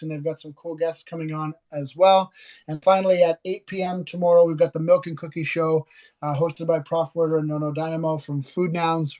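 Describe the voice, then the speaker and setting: A man's voice: fairly high pitch, darkish tone. Joking Canadian man hosting a live chat. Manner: jokey, rambling, with filler words. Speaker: host. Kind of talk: casual live audio chat.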